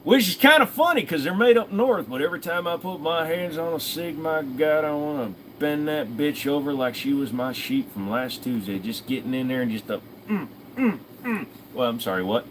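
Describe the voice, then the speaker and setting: A man's voice: on the high side, a little fast, hardly any pauses, slight background noise. A man with a Southern US accent hosting a firearms livestream in a rambling, profane, self-mocking casual chat. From Virginia, US.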